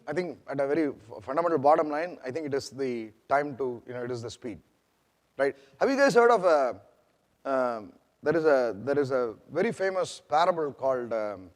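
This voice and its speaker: In a large conference hall with a long echo, a product manager with an Indian accent gives a presentation. His voice sits on the high side, and he speaks conversationally, restarting often and checking with the audience with "right?"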